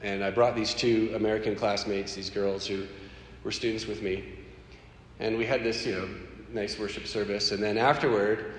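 A man sharing a personal faith story in an animated, conversational way. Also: fairly low pitch, moderate pace. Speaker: speaker sharing a personal testimony. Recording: echoey hall with faint background noise.

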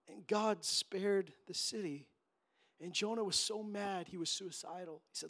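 A man's voice: high-pitched, moderate pace, a bit bright. A man preaching a sermon as pastor, emphatic and impassioned, acting out quotes as he goes.

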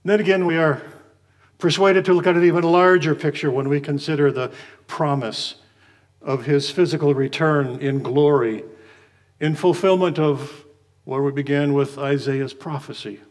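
男性牧師、やや高めの声で説教. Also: male voice, a little high. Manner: measured preaching, slows for scripture readings. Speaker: pastor. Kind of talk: sermon.

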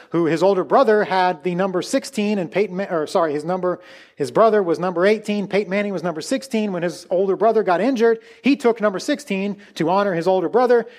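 Brief: male pastor with a high voice, chatty sermon delivery full of asides. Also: a little mellow. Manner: conversational, with many restarts and asides.

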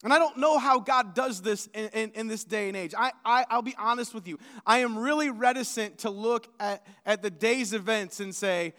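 A man delivers a sermon in a strikingly high voice, earnest and conversational, stumbling and restarting his words now and then. His voice rings out with a long reverb from the church hall. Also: normal speed, few pauses, pushed and bright. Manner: earnest, with frequent restarts and stammers. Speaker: pastor.

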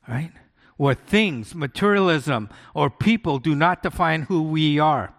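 A male pastor delivers a conversational sermon, often posing rhetorical questions to his listeners. His voice is on the high side and a little slow, with a long hall echo around it.

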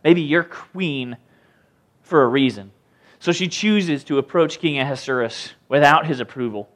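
A man preaching a sermon, retelling scripture in an animated, conversational way. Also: on the high side, unhurried.

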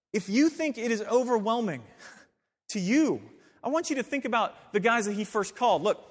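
High-voiced preaching man in reverberant hall. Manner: emphatic preaching, conversational asides. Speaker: pastor. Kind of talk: sermon. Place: church sanctuary.

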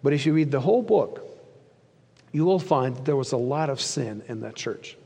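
A man preaching a sermon as pastor, earnest, rising for emphasis and sinking low at the ends of phrases. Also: expressive, moderate pace, creaky, dark tone, breathy edge. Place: church sanctuary. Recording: long reverb of a large church hall.

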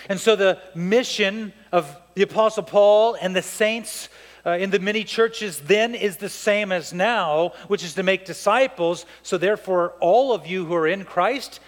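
A man's voice: high-pitched, moderate pace, long reverb tail. A man preaching a sermon as pastor to his church, with emphatic rises and drops.

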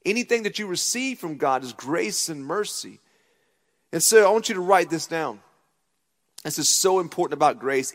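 Emphatic pastor preaching in a hall. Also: male voice, on the high side, lively intonation, a little fast, fairly bright tone. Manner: emphatic, repeats key points, asks the crowd "right?". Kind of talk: sermon. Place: church auditorium stage. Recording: long hall reverb.

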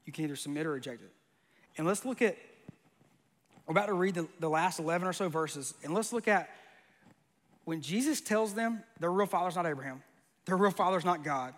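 A man's voice: sits high, a little fast, long pauses, fairly bright tone, big-room sound. A man preaching a sermon, conversational and joking, with bursts of emphasis. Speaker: pastor.

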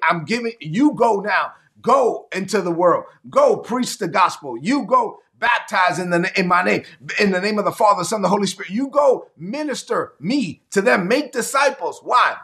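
Emphatic male preacher, higher voice. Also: a bit bright. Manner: emphatic, repetitive preaching with calls for audience response. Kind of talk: sermon; livestreamed teaching to an online audience.

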